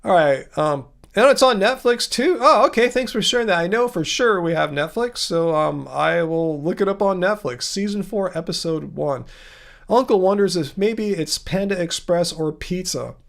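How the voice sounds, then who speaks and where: A man's voice: high voice, animated, moderate pace, gravelly, a bit bright. A man hosting a casual livestream, reading viewer comments aloud and answering them in a rambling way, with many restarts and fillers. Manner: chatty, reads viewer comments aloud and replies. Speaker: livestream host answering chat.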